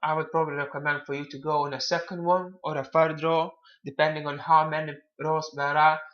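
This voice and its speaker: Male self-help presenter, slightly high voice, halting and repetitive delivery, dull lo-fi audio. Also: flat delivery. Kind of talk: casual advice talk.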